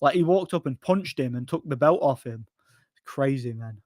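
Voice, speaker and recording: A man in his own stream, talking loosely and repeating phrases as he reacts to chat. His voice sits at an ordinary middle pitch and sounds close and dry, with no room around it. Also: animated, normal speed, a little mellow, no echo. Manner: rambling, laughs at own stories, repeats phrases. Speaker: livestream host reading chat. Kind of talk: casual chat.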